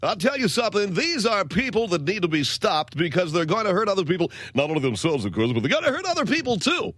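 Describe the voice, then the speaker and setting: A man playing a brash, excitable male fill-in radio host in a comedic radio bit, talking like a carnival barker. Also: high voice, no room sound, pitched above the performer's own voice, exaggerated voice. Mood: hyped. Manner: hyped carnival-barker delivery, rapid-fire.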